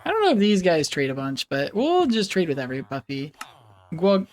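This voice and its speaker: Casual streamer, giggly and rambling, bouncy voice over soft hiss. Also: medium pitch, wildly swooping pitch, brisk. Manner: giggly, rambling, makes playful animal noises. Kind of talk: casual live-stream chat while gaming.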